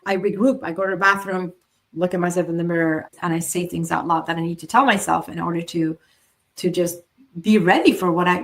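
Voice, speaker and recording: A woman hosting a solo motivational podcast, speaking in an earnest coaching tone with emphatic pauses. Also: lowish voice. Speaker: podcast host.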